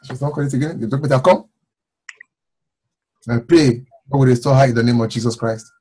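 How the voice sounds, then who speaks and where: A man, an apostle, leading fervent prayer and preaching a sermon, repeating phrases and rising to shouts. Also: medium pitch, fast talker, husky. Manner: fervent, repetitive, shouting at times.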